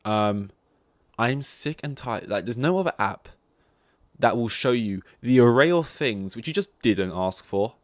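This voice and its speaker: A man's voice: mid-range voice, expressive, a little slow, no room sound, clean studio sound. A young man hosting a solo podcast, ranting in a rambling, exasperated way and swearing often. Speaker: podcast host.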